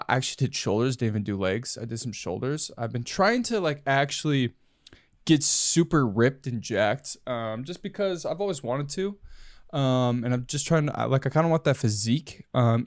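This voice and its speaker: A man's voice: mid-range voice, dry recording, clean studio sound. A young man hosting a casual solo podcast from his room, rambling and joking and saying "dude" a lot. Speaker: podcast host.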